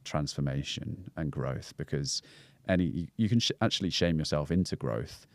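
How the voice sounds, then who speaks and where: A man with a Scouse accent and a very low, deep voice, speaking in a casual podcast chat. He explains ideas in a reflective way, full of fillers and restarts. The sound is dry and close. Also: moderate pace, darkish tone, no room sound. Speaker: podcast guest, breathwork coach.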